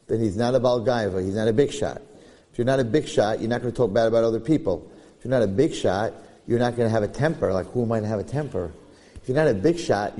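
A man's voice: medium pitch, mellow, big-room sound. A man giving an informal, joking Torah class, acting out stories as he goes. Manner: joking, conversational, acts out stories. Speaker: Torah teacher.

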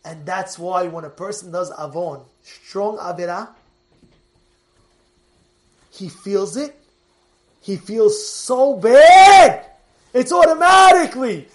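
A male rabbi giving a sermon in an animated, repetitive way that sometimes bursts into shouting. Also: very high voice.

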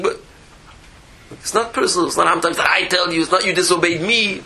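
A man giving a Torah lecture as a rabbi, animated, with rhetorical questions and repeated phrases. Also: high-pitched, fast talker, pauses often, slight background noise, low-quality recording.

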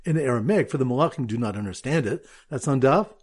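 Husky, lively-voiced rabbi teaching Talmud. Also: male voice, mid-range voice, fast. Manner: lively teaching voice, sing-song Aramaic reading. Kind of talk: Talmud lesson with memory aids and a quiz.

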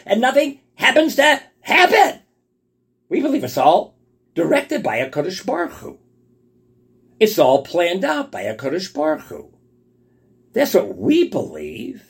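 A man giving a Torah lecture, dramatic and full of rhetorical questions, dropping to a hush and then rising to shouts for emphasis. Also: sits high, gravelly, breathy edge. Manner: explains wordplay step by step, asks rhetorical questions. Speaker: Torah teacher. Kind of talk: Tisha B'Av lecture.

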